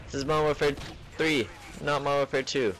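A man's voice: fairly low pitch, fairly even intonation, slow pace, creaky, a little hiss or hum. A man putting on a mock foreign commentator. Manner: dry, mocking play-by-play narration. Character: male mock commentator in a made-up foreign accent. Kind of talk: gameplay commentary.

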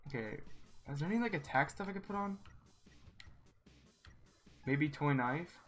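A man's voice: a little high, expressive, normal speed, a bit bright, soft background music. A man commenting casually on his gameplay while streaming live, swearing and exclaiming in frustration.

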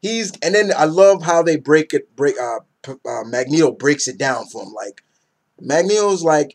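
A young man in a casual, rambling comic book review who gets excited and acts out characters' lines. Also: a little high, normal speed.

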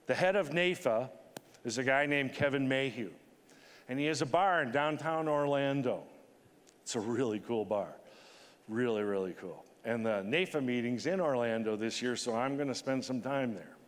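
A man in his sixties delivers an emotional, emphatic keynote speech, his pitch rising sharply at the peaks. His voice is mid-pitched and carries a long reverb from a large hall. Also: normal speed. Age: 60s. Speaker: conference keynote speaker.

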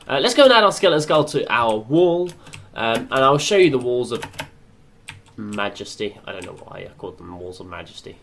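A young man doing excitable let's play commentary, chattering to himself and swearing often. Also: medium pitch, fairly quick, a little hiss or hum. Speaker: gaming channel host.

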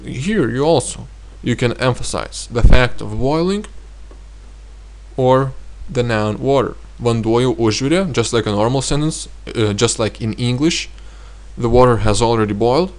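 A man teaching a vocabulary lesson, explaining with many pauses and saying each word twice. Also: medium pitch. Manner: explains slowly, repeats words twice, many hesitations. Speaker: language teacher.

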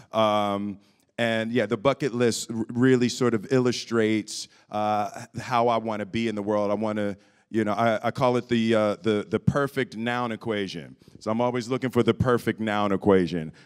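A male actor answering questions on a press panel, telling stories in an animated way and laughing often, speaking into a handheld microphone. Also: on the low side, smooth. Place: press conference room. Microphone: handheld microphone passed around.

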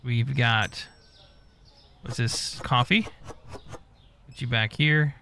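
A man's voice: medium pitch, slow, creaky, bright, forceful tone, a little hiss or hum. A man giving casual gameplay commentary, muttering to himself as he goes and swearing often. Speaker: gaming YouTuber.

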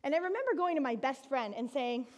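Lively high-voiced woman telling a story. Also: fast talker, highs cut off. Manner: animated, laughing, with bursts of excited shouting. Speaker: speaker giving a talk. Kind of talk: storytelling talk to an audience.

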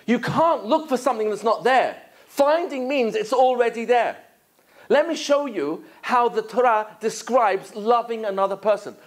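A rabbi from England giving a lively lecture to an audience, asking many rhetorical questions. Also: male voice, sits high.

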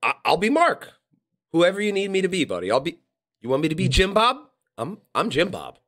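A man's voice: sits high, huge pitch swings, brisk, fairly bright tone. A man, hosting a podcast and telling stories in casual chat, acting out quotes in shifting voices. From Philadelphia area. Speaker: podcast host.

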